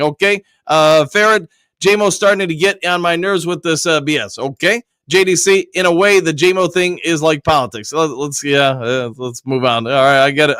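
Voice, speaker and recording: Male stream host, fairly high voice, casual, lip smacking, dry sound. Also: a bit bright, dry recording. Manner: reads chat comments aloud and answers them, many fillers. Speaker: host reading viewer chat. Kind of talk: casual live-stream chat.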